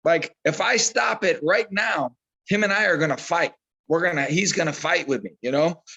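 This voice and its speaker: Man, boxing trainer, slightly high voice, chatty storyteller who repeats himself. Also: moderate pace, vocal fry, husky, highs cut off. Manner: animated storyteller, repeats himself, acts out quotes. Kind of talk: casual interview talk.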